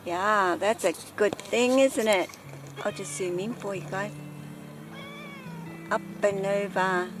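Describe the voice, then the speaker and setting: A woman's voice: medium pitch, steady tone, slow pace, pauses often. A woman chatting casually to camera outdoors while filming her pets, with a handheld camera. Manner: chatty, talks baby talk to her cat. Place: outdoors in a yard. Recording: music playing under the voice.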